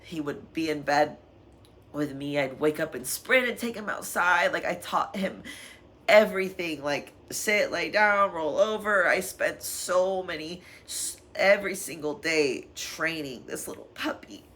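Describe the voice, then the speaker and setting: A young adult woman vlogger speaks candidly in a personal vlog, rambling with fillers, emotional and at times laughing through tears. Her voice is on the low side and a bit bright, at a measured pace.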